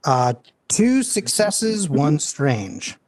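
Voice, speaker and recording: A man's voice: fairly high pitch, huge pitch swings, extremely slow, a little mellow, dry recording, clean studio sound. A man playing a tabletop game, joking and reporting his dice rolls. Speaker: player.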